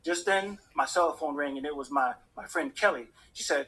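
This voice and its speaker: Guy telling his own story, bright tense voice, acts out everyone he meets. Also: a little high, moderate pace, a little hiss or hum. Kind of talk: personal story told to an audience.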